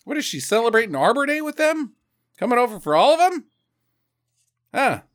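An adult parent co-hosts a podcast, joking around about a movie in a lively way and acting out its scenes. His voice is extremely high and a little fast, captured in studio quality with no room sound.

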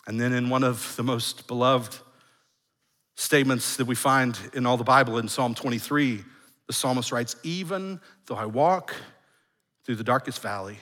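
A middle-aged man preaching a sermon as pastor, earnest, moving from raised emphasis to hushed, soft lines and often restarting his phrases. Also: medium pitch, normal speed. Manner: repeats words and restarts phrases. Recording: long hall reverb.

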